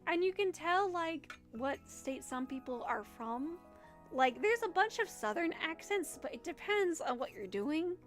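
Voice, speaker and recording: A young woman with a Midwestern accent chats with her stream in a high, bright voice. She rambles and giggles between thoughts, answering comments as they come in, with faint music playing underneath. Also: lively intonation, a little slow. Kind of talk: casual livestream chat.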